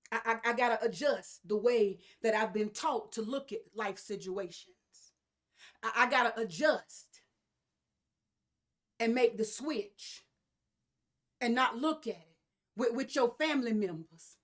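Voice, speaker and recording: A woman's voice: fairly high pitch, a little slow, long pauses. A woman preaching a sermon, emphatic and repetitive, with asides to her congregation.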